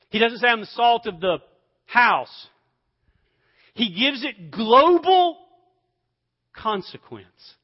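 A high-pitched man delivers a sermon with slow, deliberate pacing. He swings between loud, emphatic bursts and hushed, almost whispered lines. The recording sounds slightly dull. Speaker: pastor.

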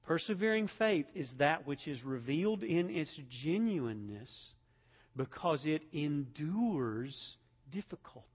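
A man preaching a sermon as pastor, emphatic, swelling to loud peaks and dropping low again. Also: lively intonation, measured pace, breathy edge. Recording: dull sound with long hall reverb.

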